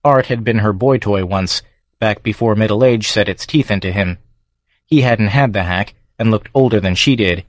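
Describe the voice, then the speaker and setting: Male audiobook narrator, steady even read, dry studio sound. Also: on the low side, normal speed, dry recording. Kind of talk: scripted narration.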